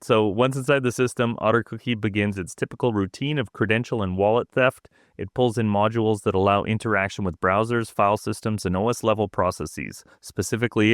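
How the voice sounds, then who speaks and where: Man, podcast co-host, reads notes, smooth clear voice, dry close sound. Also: on the low side, a bit bright, no echo. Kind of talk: reading prepared intel notes.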